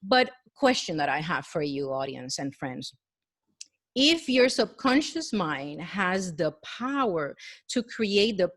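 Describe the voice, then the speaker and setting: A woman's voice: mid-range voice, no echo. A middle-aged woman, a wellness coach, giving an earnest, encouraging motivational talk with a guided breathing exercise, speaking straight to the listener.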